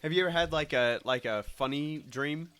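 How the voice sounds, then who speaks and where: A man's voice: on the high side, normal speed, clean tone. A man hosting a podcast, telling stories in casual chat and swearing freely. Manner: swears freely, animated storytelling. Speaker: podcast host.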